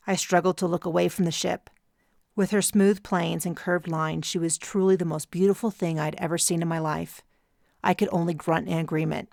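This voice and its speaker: Gravelly, low-voiced woman narrating an audiobook. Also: little pitch movement, moderate pace, a little mellow, no echo, studio quality. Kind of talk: first-person audiobook narration.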